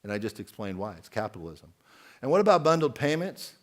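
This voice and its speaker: A man's voice: mid-range voice, very animated, fast. Outspoken man giving a keynote. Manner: outspoken, emphatic, asks the audience questions. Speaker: keynote speaker. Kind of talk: conference keynote speech.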